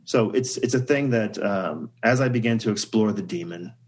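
A man talks as a guest on a podcast, his voice sitting a little low. He speaks earnestly and reflectively and slips easily into telling a story. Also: moderate pace, darkish tone, a little hiss or hum, poor audio. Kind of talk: casual conversation.

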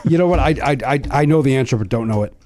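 A man's voice: mid-range voice, rapid-fire. A man hosting a casual comedy podcast trivia game, ranting playfully and swearing. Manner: animated, swears, mock rants. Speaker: host.

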